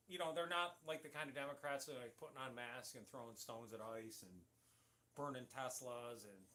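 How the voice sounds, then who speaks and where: A middle-aged livestream host from Syracuse, New York, speaks in a bright, forceful voice that sits on the high side. He rambles chattily through a casual chat, restarting his sentences often.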